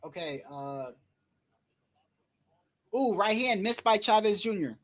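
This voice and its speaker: Male streamer, high-pitched, slangy and blunt, casual live fight commentary, dry close mic. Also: expressive, slow pace, fairly bright tone, no room sound. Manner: slangy, says "bro" constantly, blunt and opinionated.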